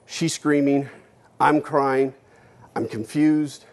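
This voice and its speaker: A man's voice: mid-range voice, slow. Blunt, candid man giving a keynote. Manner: blunt, candid, swears freely, shifts between loud and hushed. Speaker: keynote speaker. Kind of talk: emotional storytelling keynote. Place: lecture hall.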